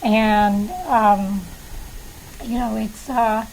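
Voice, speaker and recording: A woman guest in casual conversation, chiming in and agreeing warmly. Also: medium pitch, steady tone, drawn-out words, creaky, slight background noise, low-quality recording.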